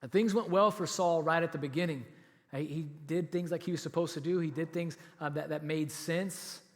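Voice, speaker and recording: A man preaching a sermon as pastor, telling a story in an animated way and acting out what the people in it say. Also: on the high side, brisk. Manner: animated storytelling, acts out quoted lines. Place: church auditorium. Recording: reverberant church hall.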